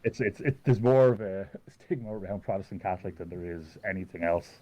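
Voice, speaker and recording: An Irish man telling stories in a relaxed podcast chat, rambling with lots of "like". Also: deep voice, a little fast. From Ireland. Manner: rambling, heavy use of "like". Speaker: podcast guest. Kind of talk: casual storytelling chat. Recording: dull lo-fi podcast audio.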